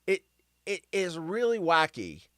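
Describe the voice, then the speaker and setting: A man's voice: high voice, wildly swooping pitch, a little slow, fairly bright tone, smooth. A man hosting a live stream, reading news stories aloud and ranting about them in a rambling, sarcastic way that keeps going off on tangents. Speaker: livestream host.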